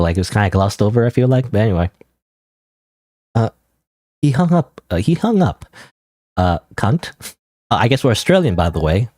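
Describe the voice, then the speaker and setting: A man's voice: on the low side, warm tone, no room sound, studio quality. A young man streaming a story game, casually commenting, reading dialogue aloud and rambling with frequent self-interruptions.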